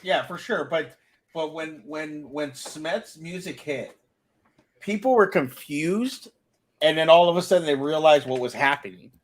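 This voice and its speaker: A man in a casual chat, recalling things excitedly and restarting his sentences. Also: fairly high pitch, a little slow. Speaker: podcast co-host. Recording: faint background noise.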